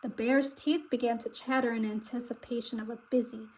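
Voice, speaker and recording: A woman narrating a children's picture book aloud with expressive, dramatic delivery. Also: a little high, brisk, rough recording. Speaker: storybook reader.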